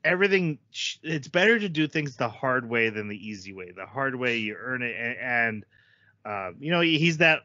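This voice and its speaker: A man hosts a casual podcast chat in a bright, forceful voice. He rambles, doubling back on words and filling gaps with ums. The recording is dry and slightly dull. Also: medium pitch, sing-song, moderate pace, no echo. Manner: rambling, repeats words, frequent fillers. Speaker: podcast host.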